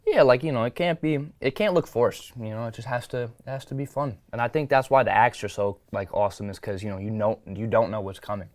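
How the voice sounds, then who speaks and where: An upbeat teenage boy chats as a guest on a school broadcast, rambling loosely and talking through a mouthful of food. His voice is mid-pitched, and the recording is dry and close. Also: fairly quick, few pauses, darkish tone, no echo. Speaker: student guest, upcoming event host. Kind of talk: casual chat interview.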